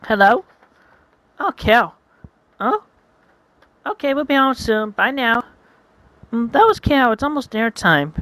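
A home narrator voicing a sweet, lovestruck young female character in a pitched-up cooing voice. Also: sing-song, unhurried, pauses often, pushed and bright, no echo. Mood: affectionate.

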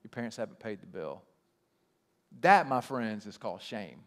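A male pastor giving a conversational sermon, telling stories with a joking, animated manner in a church sanctuary. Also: lowish voice, normal speed, long reverb tail. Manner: conversational, animated storytelling with self-deprecating humor.

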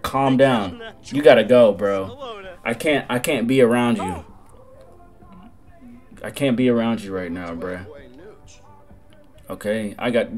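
A young man giving excitable, slangy live commentary on a game, with loud outbursts. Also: fairly low pitch, takes it slowly, pauses often, faint music behind. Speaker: gaming creator.

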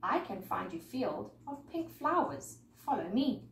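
A woman's voice: on the high side, very animated, measured pace, gravelly, exaggerated voice. A woman reading the part of a big stripy bee that buzzes its lines, in a storybook, in an echoey room. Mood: eager. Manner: buzzing, eager. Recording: echoey room, mic far off, faint noise.

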